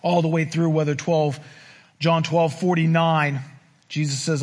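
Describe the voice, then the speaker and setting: A man pastor preaching a sermon in a conversational style, acting out quoted lines, with a husky voice in a reverberant church. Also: fairly high pitch, level tone, moderate pace. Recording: reverberant hall.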